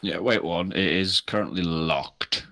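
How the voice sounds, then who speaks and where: A man's voice: low-pitched, measured pace, pushed and bright. A man running an online tabletop game as game master, talking casually and swearing freely while he sets up the map.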